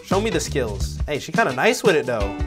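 A young man hosts a casual reaction video, full of slang and quick exclamations. His voice swings widely in pitch as he reacts. Clear music plays underneath. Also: very animated.

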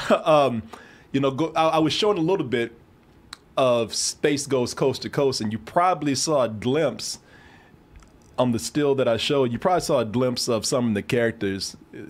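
A man hosting an interview, chatty and quick to laugh. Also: medium pitch. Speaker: interview host. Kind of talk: casual interview chat.

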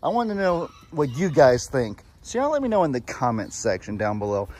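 A man's voice: mid-range voice, big pitch swings, fairly quick, darkish tone, slightly rough. A man hosting a casual farm vlog, rambling and chatting with viewers in an easygoing way. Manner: easygoing, rambling, Southern-style "y'all". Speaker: farm vlogger host. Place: outdoors on a farm among animals.

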